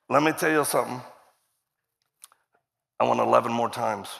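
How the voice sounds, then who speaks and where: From a church stage before a congregation, a man speaks as a guest preacher, spinning a self-mocking, joke-filled story and acting out the voices of the people he quotes. His mid-range voice is unhurried and fairly bright, with some vocal fry. A long hall reverb from the stage fills the recording.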